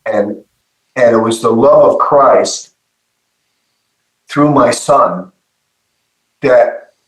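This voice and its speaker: A middle-aged man telling a personal testimony in an earnest, halting way, often repeating his words. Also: mid-range voice, roomy sound, rough recording. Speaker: guest giving testimony.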